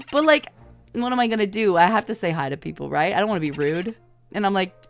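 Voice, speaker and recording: A woman streamer from Canada telling stories in casual livestream chat, animated, laughing often and swearing freely. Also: mid-range voice, quick pace, soft background music. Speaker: VTuber streamer.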